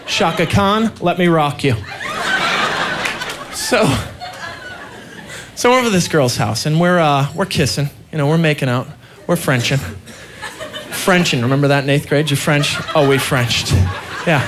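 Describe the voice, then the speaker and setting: A man performing a stand-up routine, telling self-mocking stories in an animated way. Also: on the high side, normal speed, crowd noise, background noise. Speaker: stand-up comedian.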